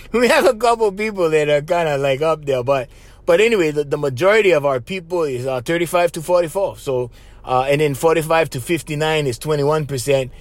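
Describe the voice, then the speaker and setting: A man's voice: on the high side, fairly quick, dry recording. A man with a Hawaiian Pidgin accent, hosting a podcast as a casual, loose monologue full of "bro" and laughs. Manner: chatty, loose, laughs often, says bro. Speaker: podcast host.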